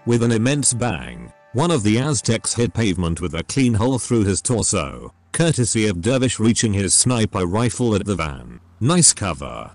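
Brief: synthetic male narrator, low-pitched, lively pitch swings, reads scripted story narration. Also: moderate pace, few pauses, no room sound, soft background music. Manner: steady machine-read delivery. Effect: synthetic text-to-speech voice.

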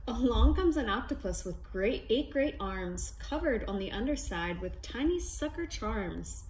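A woman's voice: a little high, expressive, unhurried, few pauses, darkish tone, a little hiss or hum. A woman reading a rhyming picture book aloud to children in a casual, sing-song way. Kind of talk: casual storybook read-aloud.

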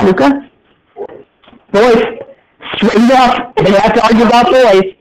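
A male teacher explains a classroom task step by step, casual and a bit repetitive. His voice sits high for a man. A faint hiss runs under the recording. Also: low-quality recording. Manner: casual, step-by-step directions with repeated phrases. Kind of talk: classroom instruction.

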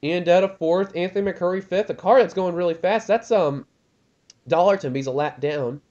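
A young man doing casual commentary on a sim race, rambling with many ums and getting excited at crashes. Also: high-pitched, moderate pace, dull audio. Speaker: lead commentator of a sim racing league.

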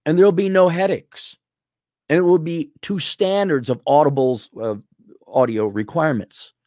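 A man's voice: fairly high pitch, normal speed, no echo, clean studio sound. A middle-aged man ranting bluntly and sarcastically in a vlog monologue. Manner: blunt, sarcastic, animated, mocks others in put-on voices. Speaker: vlogger.

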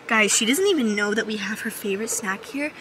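A young woman keeper casually explaining her animals in a chatty vlog, slipping into high sweet baby talk with them. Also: animated, a little fast, noisy background. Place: outdoor animal enclosures.

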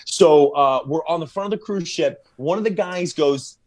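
A man who is a firefighter and comedy video maker, chatting as a podcast guest, telling stories in a lively, laughing, slangy way. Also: a little high, normal speed. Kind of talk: casual podcast interview.

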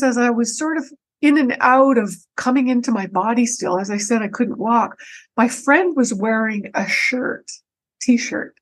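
A woman guest on a podcast, telling a personal story in an animated way, with frequent restarts and repeated words. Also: on the high side, low-quality recording. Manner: animated, breaks into her own quoted speech.

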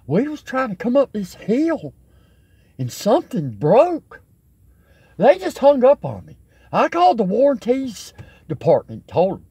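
A man's voice: extremely high pitch, huge pitch swings, moderate pace, a little mellow, breathy edge, dry recording. A man with a Southern US accent delivering an exasperated, rambling comic rant. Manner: exasperated, rambling, swears and repeats itself. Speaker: comedian.

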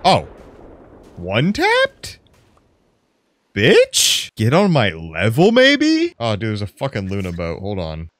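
A young man doing profane gameplay commentary, swinging from low mutters to loud yelps. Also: huge pitch swings, measured pace. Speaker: gaming YouTuber.

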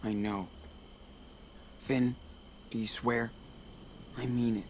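A man's voice: mid-range voice, flat delivery, slow, darkish tone, a little hiss or hum, lightly acted. A man voicing a guarded teenage big brother. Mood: firm. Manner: guarded, firm. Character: protective teenage older brother, guarded and tense.

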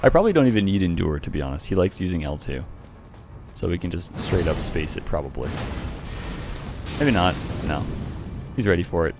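A man's voice: deep voice, sing-song, fairly quick, pauses often, over music. A young man commentating his own gameplay at a desk mic, teasing his opponents playfully and laughing gleefully. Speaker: gaming YouTuber.

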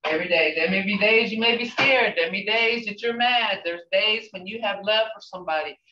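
An older woman teaching a language class, speaking slowly and repeating phrases with emphatic questions. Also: medium pitch, bright, forceful tone. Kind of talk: language lesson. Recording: roomy, distant, dull sound.

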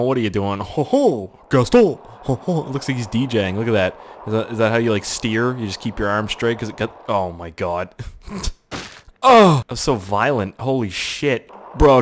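A young man hosting a gaming channel, giving excitable let's play commentary with lots of swearing and sudden high-pitched yelps. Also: slight background noise.

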